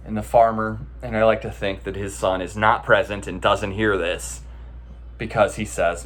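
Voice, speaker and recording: A man's voice: lowish voice, moderate pace, fairly bright tone. A man giving a casual, conversational talk as a meditation teacher, often checking in with the listeners as he tells a story.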